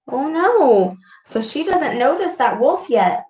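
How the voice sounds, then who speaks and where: A woman reading a storybook aloud to children, expressive and full of gasps and exclamations. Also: high voice, takes it slowly, hardly any pauses. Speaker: speech clinician reading to children. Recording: echoey room.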